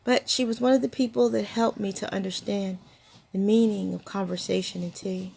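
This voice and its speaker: A woman's voice: mid-range voice, steady tone, normal speed, gravelly, a little mellow, slight background noise. An older woman hosting, telling personal stories in a reflective way and laughing often. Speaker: storytelling host. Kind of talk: personal storytelling to camera.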